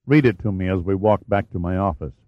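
A man voicing a brisk, authoritative male head of state. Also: low voice, dry recording, muffled recording, close to an everyday voice. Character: commanding older male president.

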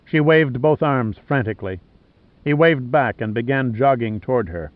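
A man narrating an audiobook in a steady, measured storytelling voice. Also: mid-range voice, no room sound. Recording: dry, tinny phone-like sound.

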